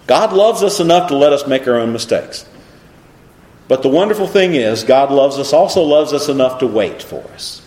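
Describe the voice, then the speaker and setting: A man's voice: high-pitched, roomy sound. A man preaching a sermon, reading scripture and asking his listeners rhetorical questions. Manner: animated, asks the congregation rhetorical questions.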